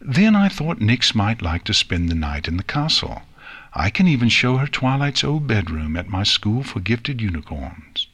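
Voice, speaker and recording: Calm, regal pony princess with a soft, measured voice and a bright tone; a man voices her. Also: fairly low pitch, slightly rough, full character voice. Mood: reassuring. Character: regal gentle female alicorn princess, calm and firm. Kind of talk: audiobook reading.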